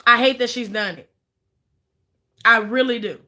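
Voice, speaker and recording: A woman's voice: on the high side, a little slow, long pauses, sharp tone. A woman giving blunt, profane, emphatic commentary in an opinion vlog.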